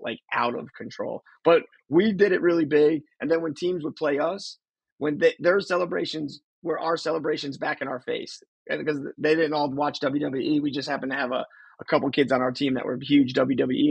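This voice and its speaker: Gravelly New Jersey man, casual sports chat. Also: on the high side, dry recording, low-quality recording. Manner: rambling, repeats words. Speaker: podcast co-host.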